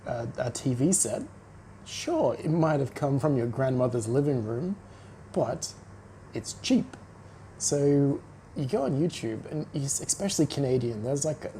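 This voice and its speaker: A man's voice: mid-range voice, warm tone, a little hiss or hum, low-quality recording. A man ranting casually to camera as a vlogger, blunt and sarcastic. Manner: blunt, sarcastic, mocking voices.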